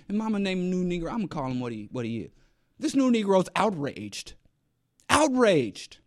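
High-pitched guy going off in a sarcastic rant, lots of slang, hammering his points. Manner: emphatic, sarcastic, streetwise slang. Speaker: commentator. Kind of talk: ranting political monologue.

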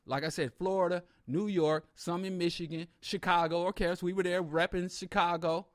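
A man telling a humorous story in an animated, comic way with exaggerated asides. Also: high-pitched, normal speed, dry recording, studio quality.

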